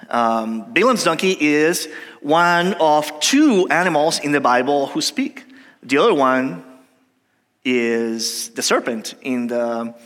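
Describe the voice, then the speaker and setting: A male pastor preaching a sermon in a halting, conversational way, full of pauses and restarts. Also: a little high, fairly bright tone, long reverb tail. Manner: hesitant, many fillers and restarts.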